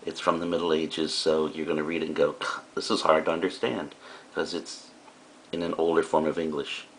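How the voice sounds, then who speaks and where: A man's voice: extremely low pitch, completely flat delivery, a little fast, slight background noise. A male teacher giving a recorded lecture, explaining in a casual way with frequent fillers and asides.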